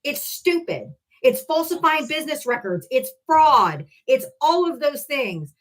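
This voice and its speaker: A woman hosts a live political debate stream, her voice sitting a little high. She talks bluntly and mockingly, swearing freely as she cuts in on callers. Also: big pitch swings, a little slow, low-quality recording. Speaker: debate livestream host.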